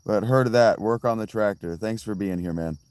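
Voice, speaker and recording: Low-voiced rambling male streamer. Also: moderate pace, darkish tone, smooth, no room sound. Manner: rambling, tangential, many restarts. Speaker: livestreamer reading chat. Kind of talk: casual live-stream chat. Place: outdoors by a fountain.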